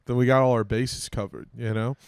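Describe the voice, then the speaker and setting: Male comedy podcast co-host, blunt and deadpan, dry close-miked sound. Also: medium pitch, fairly quick, smooth, no room sound. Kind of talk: casual comedy podcast chat.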